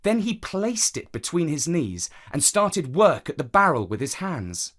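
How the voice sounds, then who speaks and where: A man narrating a children's story in a measured, expressive reading. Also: a little high.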